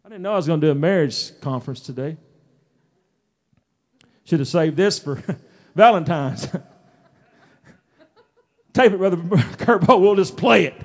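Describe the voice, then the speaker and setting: High-voiced folksy preacher. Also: male voice. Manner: folksy, emphatic preaching with rising shouts. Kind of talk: sermon. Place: church sanctuary.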